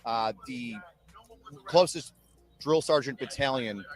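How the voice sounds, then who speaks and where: A man in his thirties, an army drill sergeant, telling lively stories in an interview with an upbeat recruiting pitch. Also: slow pace, music in the background. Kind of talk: interview storytelling.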